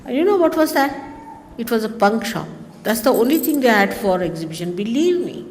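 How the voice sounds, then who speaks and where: A woman's voice: on the high side, big pitch swings, fairly quick, darkish tone, a little hiss or hum. Indian woman telling wry stories in a reverberant hall. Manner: anecdotal, chatty, with wry asides. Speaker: spiritual teacher. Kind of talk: storytelling talk to followers. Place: large hotel hall.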